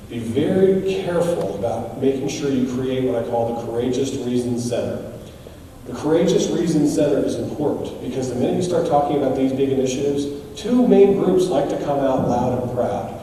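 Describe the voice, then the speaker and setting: A man from the United States giving a keynote speech, telling stories in an animated, emphatic way. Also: mid-range voice, a little fast, slight background noise. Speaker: guest speaker. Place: large hall. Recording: echoey hall, distant mic, faint ambience.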